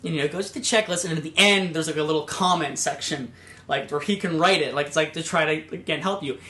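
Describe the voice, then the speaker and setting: A young man with a high, bright voice tells a long rambling story on a casual podcast, piling up fillers and now and then bursting into loud voices. The sound rings around an echoey room. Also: fast. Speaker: podcast host.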